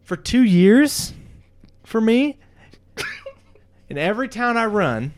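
Brief: bossy, profane wrestling booker, loud and scolding, as a game master puts him on. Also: male voice, sits high, smooth. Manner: profane, scolding, barking orders. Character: big, bossy, foul-mouthed male wrestling booker.

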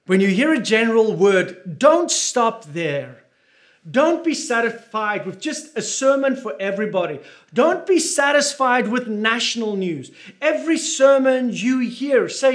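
A man with a strikingly high voice preaches a sermon. He hammers his points home by repeating phrases and putting questions to the listeners. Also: sing-song, measured pace.

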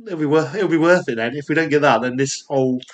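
A man's voice: fairly high pitch, quick pace. A man with a Yorkshire accent co-hosting a podcast in casual chat. He laughs often and talks in rambling asides. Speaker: podcast co-host.

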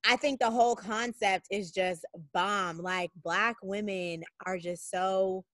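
A woman hosts a podcast interview over a video call, gushing with enthusiasm. Her voice sits in a middle pitch and sounds dry and close. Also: steady tone, slow pace, a bit bright, no room sound. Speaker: podcast host. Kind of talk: casual interview.

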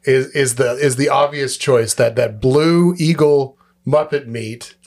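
A man co-hosting a podcast in casual chat, animated and quick to laugh, often acting out voices. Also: mid-range voice. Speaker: podcast co-host.

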